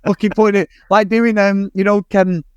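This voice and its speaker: Sweary, rambling man, slightly high voice. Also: little pitch movement, normal speed, smooth, dry recording, dull audio. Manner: sweary, rambling, laughs often. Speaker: podcast co-host. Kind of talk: casual film review chat.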